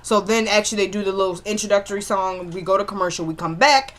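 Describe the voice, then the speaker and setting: A woman recapping a TV episode in a casual vlog from her home kitchen, chatty and animated, with exasperated asides. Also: medium pitch, fast talker. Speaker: TV episode reviewer.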